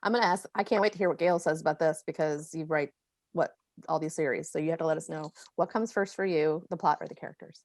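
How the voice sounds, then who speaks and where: A woman from Florida moderating a casual panel of authors, chatty and quick to laugh as she tells stories. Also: low-pitched, dry recording, clean studio sound. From Florida, USA. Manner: chatty, laughing, animated storyteller.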